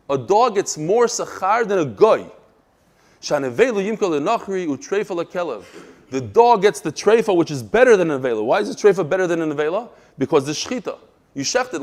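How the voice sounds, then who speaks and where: A man teaching a daily Talmud class, explaining quickly with asides and little stories. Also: on the high side. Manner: animated, quick asides and storytelling.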